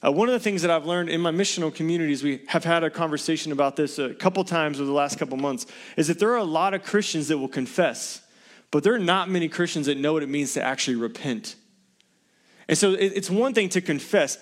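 Man, pastor, earnest sermon, conversational, fairly high voice. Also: brisk. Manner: earnest, conversational preaching with rhetorical questions.

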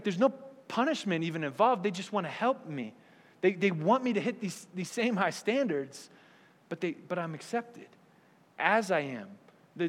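Man, pastor, casual sermon, keeps saying "right?", fairly high voice, long hall echo. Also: breathy edge. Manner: chatty, keeps asking "right?", acts out quoted voices. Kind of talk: conversational sermon.

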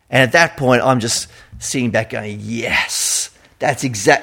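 A man with an Australian accent preaching a sermon in an animated, conversational storytelling manner. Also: medium pitch.

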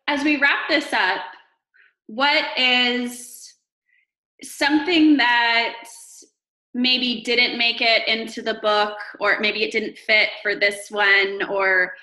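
A woman hosting a podcast, asking her guest a question in a slow, careful way. Her voice is bright and a little high, and the recording carries a roomy echo. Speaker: podcast host. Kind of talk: interview questions.

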